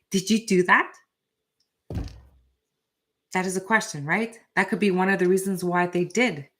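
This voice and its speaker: Chatty woman with a low-ish voice. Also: steady tone, a little slow, fairly bright tone. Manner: direct, chatty, keeps asking "right?". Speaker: tarot reader and channel host. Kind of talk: live reading, casual chat to viewers.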